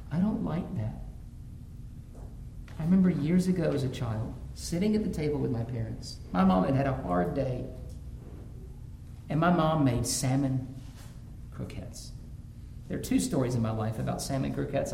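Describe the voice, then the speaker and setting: A man's voice: medium pitch, normal speed, vocal fry, darkish tone. A man preaching a sermon as pastor, telling stories from his own family life and rising to fervent emphasis. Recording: roomy echo, faint background noise.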